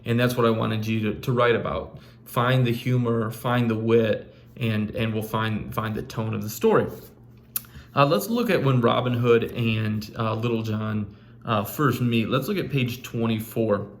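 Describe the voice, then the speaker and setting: A man's voice: medium pitch, unhurried. A man teaching a recorded literature lesson in a casual way, with frequent fillers and restarts. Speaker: English teacher.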